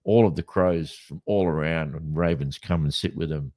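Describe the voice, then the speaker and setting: Deep-voiced Australian man in casual chat. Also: normal speed. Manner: rambling, animated storyteller with many restarts. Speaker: podcast co-host. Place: Western Australia.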